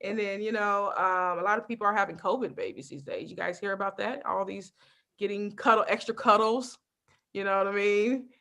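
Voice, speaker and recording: A young adult woman doing a stand-up comedy set, telling lively stories with constant asides to the crowd. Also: medium pitch, fairly quick. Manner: lively storytelling with frequent asides and laughs.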